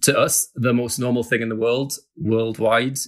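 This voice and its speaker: A man with a mid-range voice speaks at normal speed in a flat delivery. He's a guest author chatting casually and explaining things, hedging often with "kind of" and laughing a lot.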